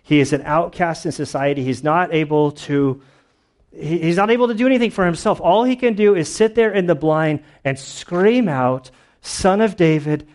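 Chatty man preaching a relaxed sermon. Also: a little high, normal speed. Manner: casual storytelling with many fillers and restarts. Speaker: pastor. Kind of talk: conversational sermon.

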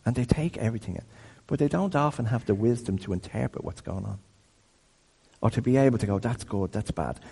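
A man's voice: medium pitch, warm tone, husky. A man in his fifties giving a conversational sermon-style teaching talk, often asking the audience questions. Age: 50s. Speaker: speaker. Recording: long hall reverb.

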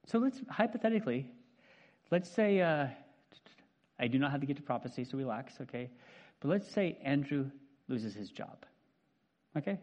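A man in his fifties preaching a sermon in a conversational, animated way, often checking in with "right?". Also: medium pitch, normal speed, pauses often, muffled recording. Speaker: pastor.

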